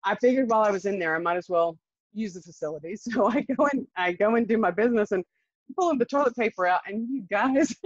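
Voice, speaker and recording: A woman telling her story to a group in a folksy, animated way. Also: mid-range voice, brisk, dry recording. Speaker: sales director sharing her story. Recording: dull, muffled dry recording.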